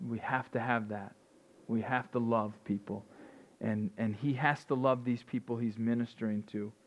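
A man preaching an informal sermon in a conversational way, often repeating and restarting words. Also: medium pitch. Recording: dull lo-fi sound.

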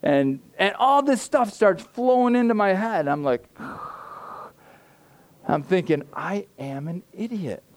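A middle-aged male pastor gives a casual, conversational sermon. His voice sits a little high for a man. He talks in loose, self-deprecating asides full of fillers and restarts. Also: darkish tone, smooth. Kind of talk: informal sermon.

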